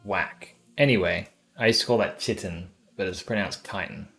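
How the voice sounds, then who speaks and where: A man's voice: on the low side, normal speed, creaky, a bit bright, soft background music. A man streaming live, chatting casually and reading lore aloud, rambling, swearing offhandedly and sounding out tricky words. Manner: laid-back and swears casually.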